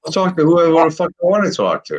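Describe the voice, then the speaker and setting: A man in his sixties with a gravelly voice, rambling and swearing constantly in casual chat. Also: fairly high pitch, very animated, fast, soft background music, rough recording. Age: 60s. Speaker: video creator on a live call.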